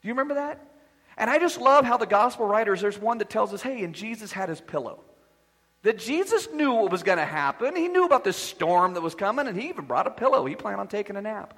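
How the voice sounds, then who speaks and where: High-voiced, husky preaching man. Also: lively intonation, fast, long reverb tail. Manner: emphatic preaching, swinging from quiet asides to loud declarations. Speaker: pastor. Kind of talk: sermon.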